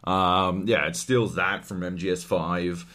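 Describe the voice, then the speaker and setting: A man's voice: low voice, fairly even intonation, unhurried, sharp tone. A man co-hosting a gaming podcast in casual chat, ranting animatedly with lots of swearing. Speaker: podcast co-host.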